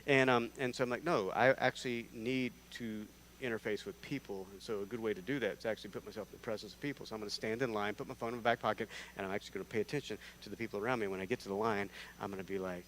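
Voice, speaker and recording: In a church sanctuary, a guest preacher with a lowish voice races through his sermon, telling chatty, self-deprecating stories and performing each character with sharp shifts in loudness. A little hiss or hum sits on the recording.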